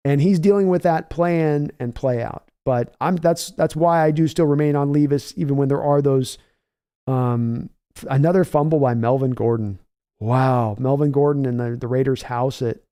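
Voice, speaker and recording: With a dark, clean, medium-pitched voice at a moderate pace, an American livestream host reacts to games. His analysis is opinionated and rambling, and he reads chat aloud to answer viewers conversationally.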